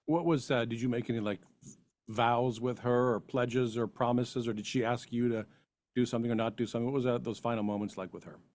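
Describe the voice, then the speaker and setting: A man hosting an interview, asking gently probing questions in a soft-spoken way. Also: mid-range voice, steady tone, fairly quick. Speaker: podcast host, interviewer.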